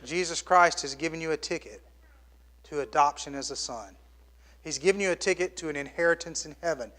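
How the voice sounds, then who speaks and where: A middle-aged male pastor delivering a sermon with a bright, forceful edge to his voice. He swings from loud, animated exclamations down to hushed, almost whispered lines, and his voice sits a little higher than most men's. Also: fairly quick.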